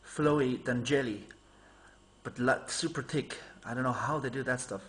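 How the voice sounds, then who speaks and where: A male vlogger with a mid-range voice rambles casually to his camera at a moderate pace. He's chatty and animated, telling stories and mimicking people in a raised voice.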